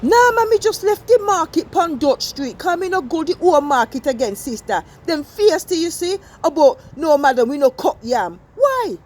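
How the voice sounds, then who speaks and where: A woman's voice: high voice, big pitch swings, normal speed, few pauses, darkish tone, pitched above the performer's own voice. A woman voicing a chatty older Jamaican woman on the phone, with a patois accent and a sing-song delivery. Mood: lively gossip.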